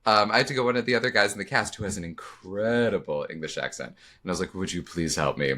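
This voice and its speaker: Low-voiced guy, bright tone, chatty theatre podcast host rambling through a story. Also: fast talker. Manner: chatty storyteller, many restarts and quoted asides. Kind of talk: casual chat.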